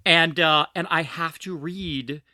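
A woman's voice: deep voice, slow, bright, forceful tone, no echo. A trans woman hosting a podcast in casual, scatterbrained, self-mocking chat. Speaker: podcast host.

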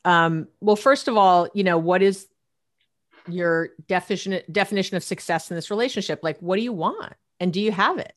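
Middle-aged woman therapist, guest on a show; lively, laughs a lot, plays out her clients' voices. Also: on the low side, a little fast. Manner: animated, laughs often, acts out clients' lines. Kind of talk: casual interview talk.

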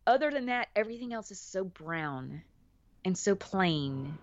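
Animated woman podcast guest, lo-fi. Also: medium pitch, takes it slowly, no room sound. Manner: animated, laughing, many restarts. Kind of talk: casual chat. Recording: dull dry lo-fi audio.

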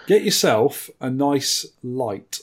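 A man's voice: medium pitch, sing-song, slow pace. A man co-hosting a podcast, chatting casually with dry, teasing humour. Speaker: podcast co-host. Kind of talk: casual chat.

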